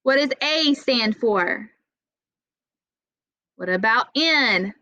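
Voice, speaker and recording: A young adult woman teaching an online writing class, patient and encouraging, reading example sentences slowly. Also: a little high, expressive, pushed and bright, no echo, dull audio. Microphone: video call.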